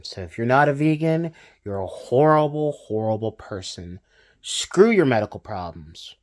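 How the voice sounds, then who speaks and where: Male commentary host, mid pitch, scornful ranting delivery. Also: big pitch swings, moderate pace. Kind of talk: reaction commentary.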